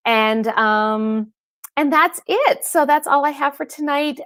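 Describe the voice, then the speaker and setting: A woman's voice: sits high, takes it slowly, a bit bright, dry recording, clean studio sound. Chatty woman hosting a live stream. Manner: chatty, laughs often, talks to viewers by name. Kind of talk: casual live-stream chat.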